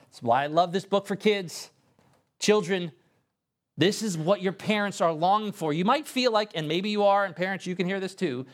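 A male pastor preaching a sermon in an earnest, emphatic way, talking straight to his congregation and lifting his voice for stress. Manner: earnest, emphatic preaching with sudden rises in pitch and pace; addresses the congregation directly and conversationally.

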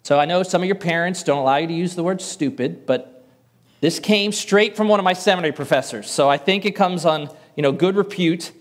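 Higher-voiced male preacher. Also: a little fast. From Northern US. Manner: conversational, self-deprecating humor. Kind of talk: sermon.

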